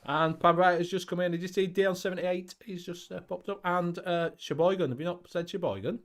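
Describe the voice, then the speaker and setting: A man's voice: high voice, brisk. A man hosting a live stream, reading viewer questions aloud with lots of ums and laughter. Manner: reads chat aloud, lots of fillers and laughs. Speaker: stream host. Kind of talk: casual live-stream chat.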